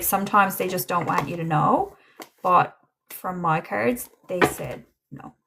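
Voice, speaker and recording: Young woman doing a chill livestream reading, slow and a bit gravelly, faint hiss behind. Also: mid-range voice. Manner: chatty, relaying messages in a gentle, soothing way. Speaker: psychic medium.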